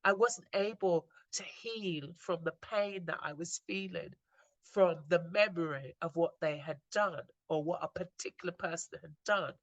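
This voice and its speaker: A woman slowly retelling moving stories in an earnest, reflective talk, often stopping and restarting her sentences. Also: on the low side, no echo. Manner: earnest, slow storytelling with frequent restarts. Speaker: inspirational speaker.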